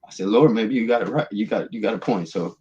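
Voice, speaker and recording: A man's voice: fairly low pitch, quick pace, a little mellow, dull audio. A man, earnestly telling his personal testimony as a guest, rambling through the story with restarts.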